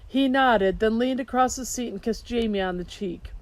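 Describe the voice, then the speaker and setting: A woman reading a children's novel aloud in steady storytelling narration. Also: fairly high pitch, moderate pace, few pauses, dry recording, rough recording. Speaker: audiobook narrator. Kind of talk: scripted narration. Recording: hiss behind voice.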